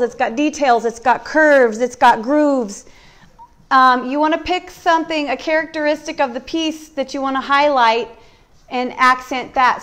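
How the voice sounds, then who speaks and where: A woman with a bright, high voice gives a live furniture-painting demo. She chats through each brushstroke in a relaxed, easygoing way. Her tone stays smooth and clear, and she thinks aloud as she works. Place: warm indoor workshop.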